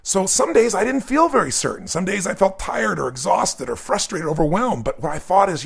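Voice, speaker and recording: Gravelly, animated motivational coach man. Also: high voice, brisk, hardly any pauses. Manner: emphatic, energetic, directive. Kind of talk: motivational seminar talk.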